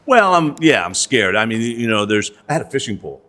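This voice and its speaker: A man's voice: medium pitch, very animated, brisk, bright, forceful tone. A man in his sixties, a podcast guest, telling an old story in a hesitant way and repeating short agreements. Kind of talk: casual storytelling chat.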